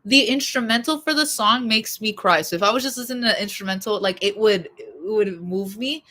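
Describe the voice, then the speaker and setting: A young woman talks through her favorite songs in a loose, rambling vlog chat, full of "um" and "like" and little laughs. Her voice is bright and forward, sitting at an ordinary pitch for a woman. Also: fairly quick. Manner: rambling, many fillers, laughing asides. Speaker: vlogger. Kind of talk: casual chat about music.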